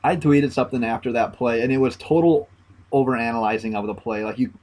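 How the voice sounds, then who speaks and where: A man in casual podcast talk about football, his pitch sitting in the middle range. He speaks in a relaxed way, often hedging and drawing out his phrases. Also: quick pace. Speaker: podcast co-host. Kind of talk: casual sports chat.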